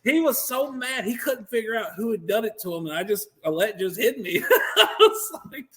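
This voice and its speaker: Brief: male podcast host in his forties, high voice, animated and profane storyteller. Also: a little fast. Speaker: Marine veteran. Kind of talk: casual war-story chat.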